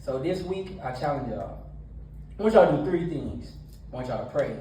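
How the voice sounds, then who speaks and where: A man's voice: mid-range voice, moderate pace, a little hiss or hum. Man in his thirties preaching from afar. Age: 30s. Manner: casual, animated storytelling with frequent laughs. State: nervous. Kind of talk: storytelling sermon. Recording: echoey room from a distance.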